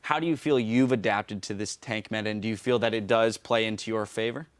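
A man's voice: fairly low pitch, steady tone, fairly quick, clean tone, no room sound. A man interviewing players after an esports match, asking long, fluent and detailed questions.

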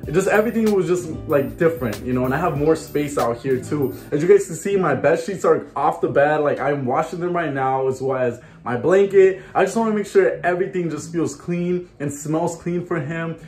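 A man's voice: on the high side, normal speed, few pauses, darkish tone, echoey room, soft background music. A man in his twenties from Chicago, vlogging in a chatty, emotional way straight to his viewers at home. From Chicago, USA. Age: 20s. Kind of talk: casual vlog talk to camera. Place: his home, indoor rooms.

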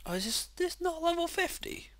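A man casually commenting on his own gameplay, excitable and quick to swear loudly when frustrated, speaking into a desk mic. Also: very high-pitched. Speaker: gaming channel host. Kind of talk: casual let's-play commentary.

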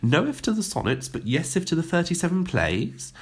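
A man's voice: a little high, very animated, a little fast, husky, pitched above the performer's own voice, exaggerated voice. A man voicing a melodramatic female drama teacher who speaks in grand, old-fashioned stage language. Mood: hopeful.

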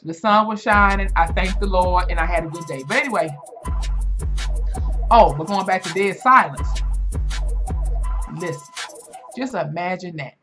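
A woman in her twenties hosting a reaction video, telling stories in a casual, animated and profane way. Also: measured pace, long pauses, faint music behind. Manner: animated, profane storytelling with big pitch swings.

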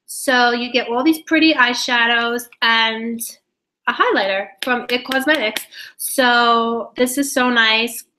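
A young woman chats through a live giveaway stream, excitable and scattered, often laughing and breaking off mid-thought. Her voice sits a little high and has a bright, forceful edge. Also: slow, slight background noise, rough recording. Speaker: beauty vlogger hosting a live giveaway stream. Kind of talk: casual live-stream chat reading comments.

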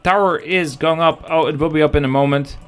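Over quiet background music, a man with a somewhat high, smooth, slightly bright voice speaks fairly fast with fairly even intonation. As a caster for a live strategy game, he keeps up joking, chatty esports commentary aimed at his chat.

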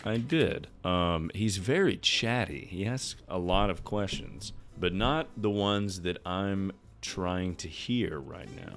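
A man streaming, making wry jokes in casual commentary that bursts into loud, excited yelling. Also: sits low, slow, vocal fry, hardly any pauses, faint music behind. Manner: wry, joking asides.

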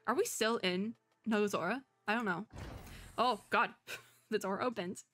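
A young woman streaming a game, reading the story text aloud and excitedly talking back at the characters on screen. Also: mid-range voice, normal speed, soft background music. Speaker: VTuber.

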